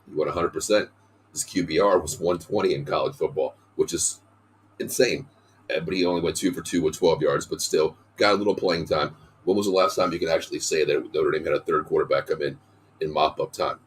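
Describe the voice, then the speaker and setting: A man with a hoarse voice hosting a casual sports podcast, excitedly running through game stats. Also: rumbling low, a little hiss or hum. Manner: excited, talks in quick bursts of stats. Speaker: podcast host.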